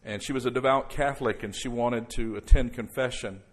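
A man preaching a sermon as pastor before a congregation, slowing right down and dropping to a near hush for emphasis, then rising loud. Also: medium pitch, fairly even intonation. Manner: slows down and drops soft for emphasis, then rises loud. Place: church service before a congregation.

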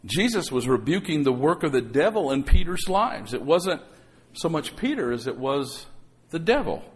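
A man's voice: a little high, very animated, normal speed, breathy edge. Preaching man, calling for amens. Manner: calls for amens, acts out quotes. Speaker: pastor. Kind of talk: sermon. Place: church sanctuary.

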